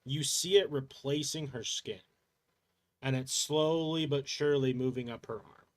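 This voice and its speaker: Game master, male, casual rambling narrator, mid-pitched voice. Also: unhurried. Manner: loose, rambling narration full of fillers. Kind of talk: narrating a tabletop role-playing game.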